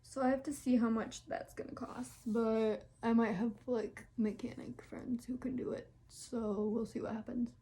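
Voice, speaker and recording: A woman's voice: fairly high pitch, little pitch movement, moderate pace, few pauses, dark tone, slightly rough. A young woman answering questions in a casual solo vlog, chatty and candid with lots of fillers, sometimes dropping to a near whisper. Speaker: vlogger.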